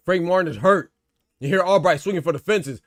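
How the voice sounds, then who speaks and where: A man hosting live boxing commentary, excitable and slangy, shouting out big moments and talking casually to his viewers. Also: high voice, brisk, dry recording. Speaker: boxing commentator and channel host.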